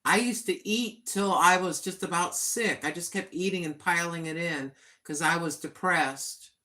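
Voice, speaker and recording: A woman's voice: on the low side, a little slow, sharp tone. An older woman, a senior citizen, talking in a plain-spoken, chatty and earnest way on her own livestream. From United States. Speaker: vlogger. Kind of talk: casual livestream chat.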